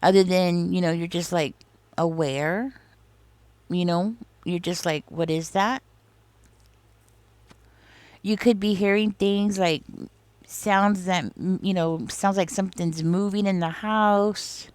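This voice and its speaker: In a fairly low, darkish voice with a steady tone, a woman reads tarot a little slowly, with no echo on the recording. She talks right to the listener in a rambling, confiding way, often saying "you know" and "like."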